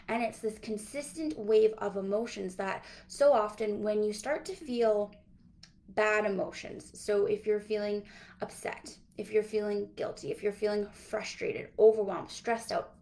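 A woman's voice: mid-range voice, fairly even intonation, moderate pace, creaky, a little mellow. A woman giving a livestreamed motivational talk to entrepreneurs, earnest and repetitive, often restarting her phrases. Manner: earnest, repetitive, self-correcting. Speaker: business coach.

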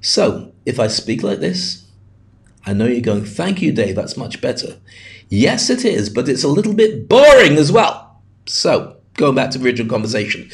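A middle-aged man hosting a solo podcast, chatty and jokey, talking fast with lots of asides. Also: on the high side. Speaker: podcast host. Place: home studio.

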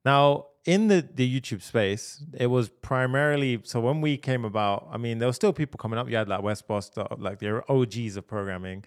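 A man's voice: medium pitch, normal speed, few pauses, smooth. A man hosting a casual podcast interview, backing his guest with frequent agreement and rambling through his own thoughts. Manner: rambling, many fillers and restarts, frequent "yeah" backchannel. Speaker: podcast host.

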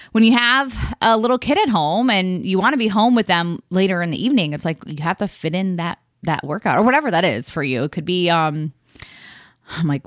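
A woman in her thirties hosts her own podcast in a loose, unscripted monologue, rambling along with "like" in nearly every sentence. Her voice sits a little low. The sound is dry and close, with no room around it. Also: no room sound. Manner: chatty, rambling, heavy use of "like". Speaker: podcast host.

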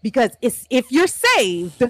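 A woman co-hosting a casual faith conversation at home, chatty and quick to laugh, with lots of fillers. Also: fairly high pitch, huge pitch swings, no echo, clean studio sound. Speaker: podcast co-host.

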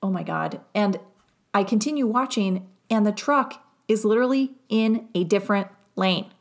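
A woman's voice: medium pitch, normal speed. A young adult woman, a podcast host and nervous system coach, telling a personal story in a rambling, self-reflective way with many fillers.

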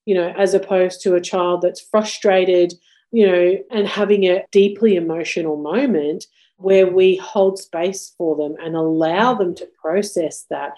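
Mellow-voiced woman in her forties. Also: lowish voice, a little slow. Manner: earnest, reflective, with lively upward swings. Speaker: podcast host. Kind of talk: casual conversation.

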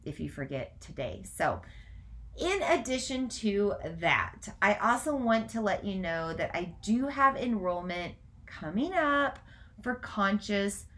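A woman hosting a casual live stream, talking fast in run-on sentences, then gently guiding a breathwork practice. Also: medium pitch. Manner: gentle instructive guidance in breathwork. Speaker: spiritual coach and podcast host.

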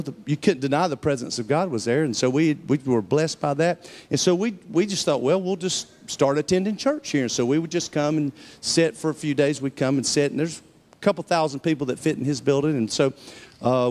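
Storytelling preacher with a drawl. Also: male voice, fairly high pitch. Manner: storytelling, acting out quoted voices, rising to excited peaks. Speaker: pastor. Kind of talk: sermon testimony.

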